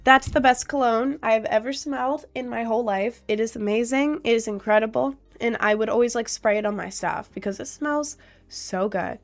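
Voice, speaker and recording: A woman's voice: on the high side, moderate pace, faint music behind. Congested, nasal young woman streamer. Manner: chatty, with many fillers like "um" and "like". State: congested after a cold. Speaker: livestreamer and musician. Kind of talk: casual livestream chat, reading viewer comments aloud.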